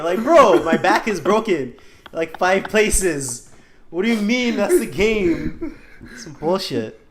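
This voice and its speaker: A man's voice: high voice, animated, a little slow, crowd noise. A young man co-hosting a podcast, bantering playfully in a casual chat. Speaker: podcast co-host.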